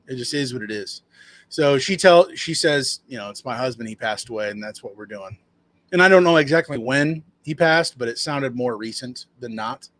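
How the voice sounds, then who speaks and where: A man running a dumpster rental business, telling a customer story in a rambling, casual way and acting out what people said. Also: a bit bright. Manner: rambling, conversational, acts out quotes in a higher voice.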